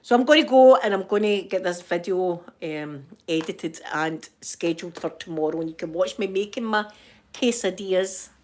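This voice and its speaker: An older Scottish woman vlogs to her viewers at home in a casual chat to camera, her voice fairly low and her pace moderate. She rambles through stories, laughing often and adding fond asides. There's a little hiss or hum in the recording.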